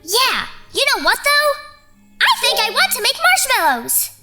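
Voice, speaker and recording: A performer voicing an excitable, childlike puppet character who narrates a children's show with eager, shouty bursts. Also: extremely high pitch, a little slow, heavily acted. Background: background music.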